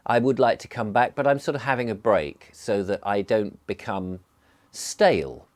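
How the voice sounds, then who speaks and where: Low-pitched English man, near-posh southern accent, groggy from a cold, genial rambling vlogger. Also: normal speed, darkish tone. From England. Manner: rambling, genial, well-enunciated. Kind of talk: sit-down vlog chat. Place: indoors, seated.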